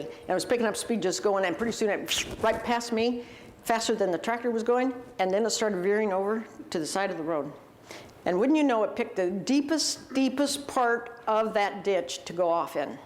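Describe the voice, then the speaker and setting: A woman with a mid-range voice gives a storytelling talk to an audience. She is animated and vivid, and acts out the voices she quotes. A faint hiss of noise sits under her speech. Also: mid-range voice. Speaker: university president giving a talk.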